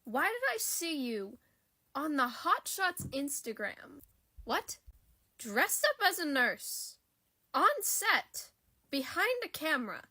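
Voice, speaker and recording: A woman's voice: sits high, big pitch swings, slow, sharp tone, full character voice. A woman voicing an exasperated teenage son who fires indignant questions at his father. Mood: incredulous.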